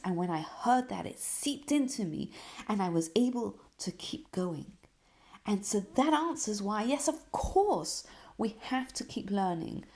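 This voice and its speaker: A woman hosting a podcast, giving a Torah lesson as a story, full of rhetorical questions and soft dips for emphasis. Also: mid-range voice, lively intonation, a little slow. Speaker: podcast host and Torah teacher.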